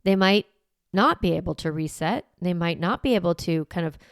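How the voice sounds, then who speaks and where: A woman's voice: lowish voice, animated, moderate pace, no room sound, clean studio sound. A woman hosting a parenting podcast who explains things in a casual, reassuring way and keeps asking "right?". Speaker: parenting coach and podcast host. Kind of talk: conversational teaching podcast.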